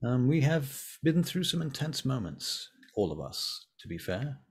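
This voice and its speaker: A man voicing a reserved adult man who answers a flirt in halting, hesitant words. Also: medium pitch, very animated, husky. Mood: guarded.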